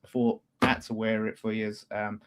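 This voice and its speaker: A man's voice: fairly low pitch, flat delivery, normal speed, clear, resonant tone. A man co-hosting a football fan show, talking casually and bluntly, with plenty of swearing and restarts. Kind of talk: casual chat.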